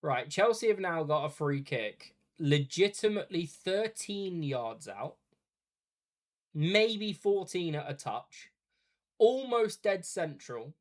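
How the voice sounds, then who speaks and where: A man's voice: on the high side, lively intonation, takes it slowly. A man streaming a watch party, giving chatty live play-by-play of a football match with casual asides.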